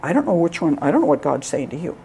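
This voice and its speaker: Mellow, low-voiced woman giving a chatty talk. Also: big pitch swings, quick pace. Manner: conversational, often adds "all right?" and "you know?"; acts out dialogue between herself and God. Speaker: speaker at a Catholic event. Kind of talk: informal talk to an audience.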